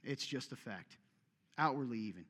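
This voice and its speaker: A man preaching a sermon as pastor, with an emphatic, conversational delivery and big swings from loud to quiet. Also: medium pitch, expressive, normal speed, long reverb tail.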